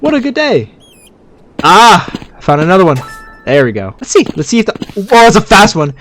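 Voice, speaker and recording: A man giving excitable let's-play commentary, yelping and shouting at scares and muttering quietly to himself in between. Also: sits high, moderate pace. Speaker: gamer.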